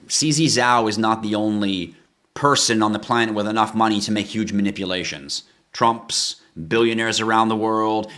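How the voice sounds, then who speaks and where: A man's voice: on the low side, fairly bright tone. A man hosting a crypto livestream, ranting passionately with rhetorical questions and frequent swearing. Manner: rhetorical questions, pleading with viewers. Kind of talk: casual livestream talk.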